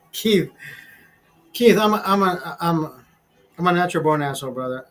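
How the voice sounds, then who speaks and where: Host, man in his forties, high voice, foul-mouthed, rambling stories, laughs a lot. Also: expressive, normal speed, fairly bright tone, poor audio. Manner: profane, rambling, many restarts; calls the listener brother. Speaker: channel host. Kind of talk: casual storytelling over a beer.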